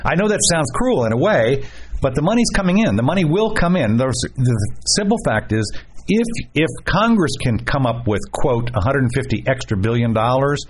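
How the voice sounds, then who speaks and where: A man hosting a radio talk show, casual political talk with animated, repetitive delivery and jokey asides. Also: mid-range voice, a little hiss or hum.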